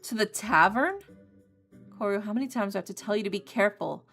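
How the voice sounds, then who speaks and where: A woman's voice: medium pitch, fast, a bit bright, soft background music, natural voice. A woman voicing a tired, fretful professor in a visual novel game, scolding and worn out. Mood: weary. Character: weary, fretful professor caring for creatures.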